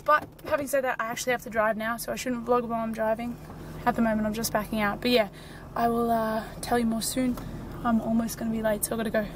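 Talking fast with little pitch movement, a woman with a voice on the high side rambles through casual vlog chat, breathless and self-deprecating, while music plays in the background.

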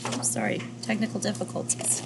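A young adult woman teacher gently reading a picture book to children and asking them questions about the pages. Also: mid-range voice, sing-song, fairly quick, creaky, very noisy. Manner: gentle, asks the listener questions. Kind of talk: children's story read-aloud.

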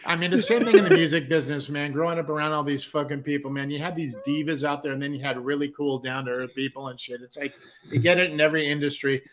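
A man's voice: fairly high pitch, steady tone, fast talker. A man hosting a casual podcast chat, enthusiastic and profane, laughing often. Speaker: host.

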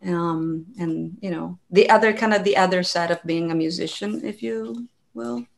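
A woman musician, a guest on a live interview, talking in an easygoing, rambling way with fillers and soft laughs. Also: lowish voice, normal speed, creaky. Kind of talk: casual interview chat.

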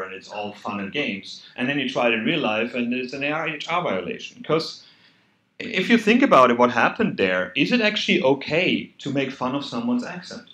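A man's voice: mid-range voice, echoey room. A man with a German accent, speaking earnestly and conversationally as a conference speaker. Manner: earnest, conversational, animated emphasis. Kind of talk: conference talk. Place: hall at a hackday event.

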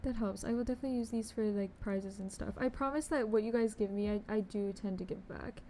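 A woman's voice: mid-range voice, fast talker, mellow. A young woman chatting casually on a game live stream, bubbly and chatty, greeting viewers with pet names. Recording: faint background noise.

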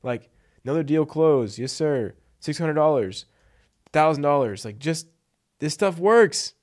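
A man's voice: on the high side, expressive, unhurried. A man giving blunt, emphatic copywriting advice in a casual vlog, tossing in "like" and "right?" as he goes. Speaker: freelance copywriting coach.

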